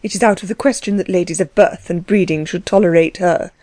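A woman's voice: fairly low pitch, fairly even intonation, brisk, darkish tone, no echo, lightly acted. A woman reading an audiobook, voicing a proud, testy older aristocratic woman with a haughty manner.

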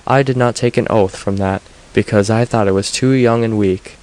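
Male reader as the proud mother goddess, low-voiced, confident. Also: steady tone, normal speed, a little mellow, natural voice, low-quality recording. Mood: assured. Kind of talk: audiobook reading.

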